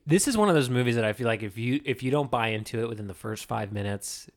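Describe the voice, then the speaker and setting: Casual podcast co-host, male, rambling and wry, mid-pitched. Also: fast talker, no echo, clean studio sound. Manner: rambling, filler-heavy, wry. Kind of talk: casual movie chat.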